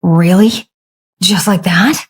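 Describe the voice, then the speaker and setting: A woman's voice: lowish voice, slow pace, husky. Woman reading as vain playful young man Dorian. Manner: teasing, boastful.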